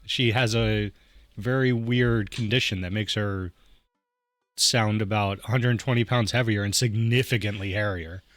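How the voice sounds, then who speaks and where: A man's voice: fairly low pitch, steady tone, a little slow, a bit bright, no echo, clean studio sound. A man hosting a game playthrough, reading the story aloud and joking with viewers. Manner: playful, joking. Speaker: gaming channel host.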